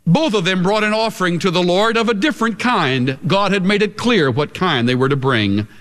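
A man preaching a sermon, emphatic, with big swings between high and low. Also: fairly bright tone. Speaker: pastor. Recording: long reverb of a large hall.

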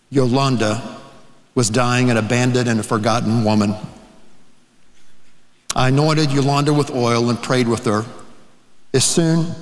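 A priest delivers a sermon story in a slow, solemn voice, letting words hang in long pauses. His voice sits at an ordinary pitch for a man, and it rings out with a long reverb, like in a big hall.

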